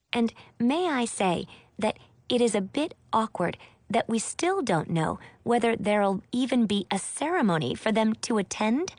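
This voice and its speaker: A woman's voice: mid-range voice, no echo. A woman reading a first-person audiobook in a chatty, wry storytelling manner. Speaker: audiobook narrator.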